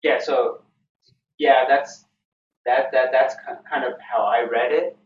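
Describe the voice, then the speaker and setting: A man leading a Bible study, who talks haltingly and keeps checking in with his listeners. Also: mid-range voice, steady tone, slight background noise. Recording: echoey, dull, distant room recording.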